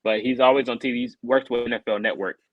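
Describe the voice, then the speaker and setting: Animated man telling a story on a podcast. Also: mid-range voice, quick pace, no echo, lo-fi sound. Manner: animated, acts out quoted voices. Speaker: podcast co-host. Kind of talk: casual storytelling chat.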